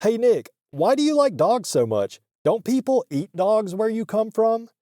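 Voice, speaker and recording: Guy doing a squeaky whiny stoner dude, young metalhead, way up high. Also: very animated, measured pace, dark tone, dry recording, studio quality. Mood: mocking. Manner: whiny, high-pitched protests.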